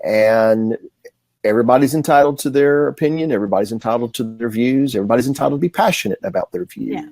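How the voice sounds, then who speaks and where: A man from the American South co-hosting a political talk show, speaking in a measured, deliberate, folksy way. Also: mid-range voice, darkish tone, dry recording. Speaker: co-host.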